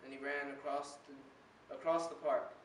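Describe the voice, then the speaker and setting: A man's voice: medium pitch, level tone, a little slow. Teen boy performing slam poetry. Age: teens. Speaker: slam poet. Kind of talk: spoken word poetry performance. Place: indoor performance room. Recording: roomy, distant mic with faint hiss.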